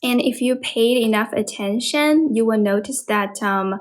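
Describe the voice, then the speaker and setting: A woman from China with a Chinese accent, chatting casually in English on a livestream and thinking aloud with many soft fillers. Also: fairly high pitch, a little slow. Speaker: livestream host. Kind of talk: casual English practice chat. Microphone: phone livestream.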